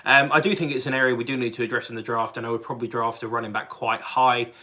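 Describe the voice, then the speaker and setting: Excitable British man reacting to football. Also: medium pitch, fast talker. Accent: British English. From England. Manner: excitable, rambling with many fillers and restarts. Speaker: sports fan channel host. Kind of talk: casual fan reaction.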